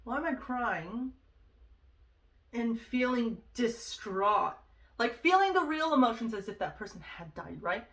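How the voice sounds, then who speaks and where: A woman's voice: a little high, expressive, a little slow, a bit bright, distant mic. Earnest woman giving personal advice. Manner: earnest and conversational, many asides and "right?". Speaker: vlogger sharing self-help advice. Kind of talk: casual personal advice talk.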